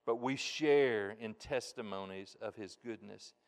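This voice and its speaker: A male pastor delivers a sermon from the pulpit, talking slowly and plainly, with a clear, resonant tone. He moves from quiet asides to loud, emphatic points. The sound carries a long reverb from the large church hall. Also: lowish voice. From United States. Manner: folksy, swings from soft to loud and emphatic.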